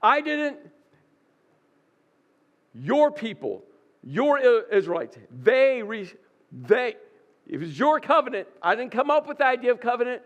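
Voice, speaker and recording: Preacher guy playing a fed-up prophet pleading with god, high voice, leaning hard on words. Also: slow, dull audio. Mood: insistent. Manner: insistent, stressing words. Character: exasperated defensive male prophet pleading his case.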